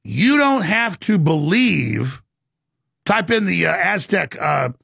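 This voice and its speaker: Gravelly, husky high-voiced man ranting. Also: sing-song, slow pace, bright, forceful tone, dry recording, clean studio sound. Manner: rambling, emphatic, with many stammered restarts. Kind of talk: impassioned monologue.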